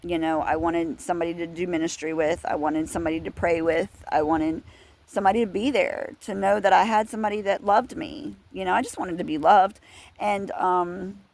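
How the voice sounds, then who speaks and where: A woman's voice: fairly low pitch, steady tone, normal speed, gravelly, a little mellow. A woman giving a casual personal testimony, earnest and confessional, rambling with restarts and bursts of laughter. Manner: rambling, full of fillers and restarts, breaks into laughs. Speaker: Christian speaker sharing her testimony.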